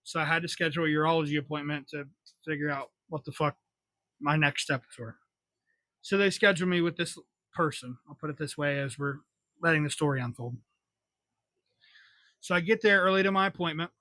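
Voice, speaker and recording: A man's voice: fairly high pitch, a little fast, pauses often, bright, forceful tone, no echo. A man in his twenties telling a story on a podcast in a casual, blunt, wry way, swearing freely. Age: 20s. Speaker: podcast host.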